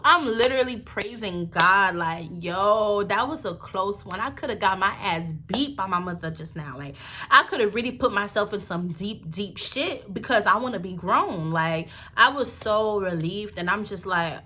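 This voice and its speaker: A young woman vlogger telling a story in a casual, slangy, animated way, full of swearing and sudden high-pitched quoted voices. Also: a little slow, slight background noise.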